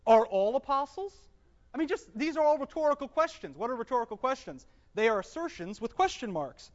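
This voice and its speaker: Speaking in a high-pitched, very animated voice, a Bible teacher holds a class for a live group, reading scripture aloud slowly and explaining it. He quizzes the room with questions he then answers himself, recorded in a dull, echoey hall.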